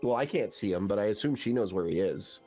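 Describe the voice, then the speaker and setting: A man's voice: lowish voice, animated, quick pace, warm tone, faint music behind. A man playing a tabletop game, plainly stating what his character does. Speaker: player. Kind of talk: casual tabletop play.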